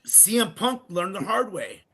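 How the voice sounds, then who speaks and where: A middle-aged man with a high, sing-song voice talks unhurriedly in a bright, forceful tone with a breathy edge. As a podcast guest, the pro wrestler and former wrestling coach tells casual, profane stories, acting out the voices of those he quotes. The recording is rough.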